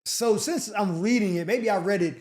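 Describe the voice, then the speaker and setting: Young guy w a high voice doing an advice show, slangy and lively, acts out everybody he quotes. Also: moderate pace. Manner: animated slang-heavy delivery, acts out quoted people. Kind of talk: casual advice commentary reading letters.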